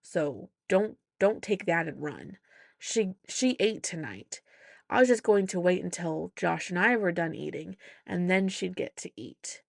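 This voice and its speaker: A woman's voice: fairly low pitch, lively intonation, unhurried, vocal fry, no echo, studio quality. A woman hosting a casual storytelling podcast, chatty as she recounts her week and acts out the voices in her anecdotes. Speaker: podcast host; mother.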